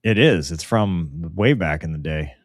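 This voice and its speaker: A man with a lowish voice hosts a casual podcast, talking animatedly and slipping into quick impressions of whoever he is quoting. The sound is dry and close, with no room echo. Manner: animated, mimics quoted voices, lots of fillers. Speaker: podcast host.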